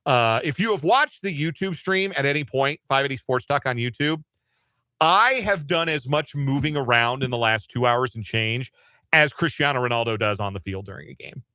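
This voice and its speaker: A male sports radio host running through the day's scores with a bright, forceful voice. He talks loosely, cracking jokes and correcting himself as he goes. The sound is dry and close on a studio mic. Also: medium pitch, lively intonation, normal speed, no room sound. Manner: loose, joking, with asides and self-corrections. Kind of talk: sports radio headlines roundup.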